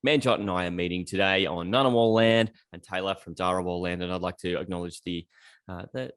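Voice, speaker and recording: A man's voice: low voice, fairly even intonation, a little fast, fairly bright tone, smooth, no room sound, studio quality. A young Australian man hosting a casual podcast chat, joking and laughing with his mates. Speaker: podcast host.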